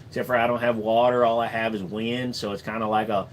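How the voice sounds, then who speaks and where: A man's voice: on the low side, level tone, fast, slight background noise, lightly acted. A man putting on a Southern country accent to play a boastful, rambling off-grid rural man who swears freely. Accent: Southern US country, put on.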